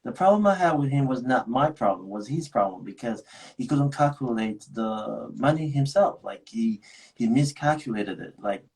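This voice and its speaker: A man hosting a casual live chat, telling animated stories and slipping into Korean phrases. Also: mid-range voice, normal speed, rough recording. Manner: animated storytelling, switches into Korean. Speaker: host.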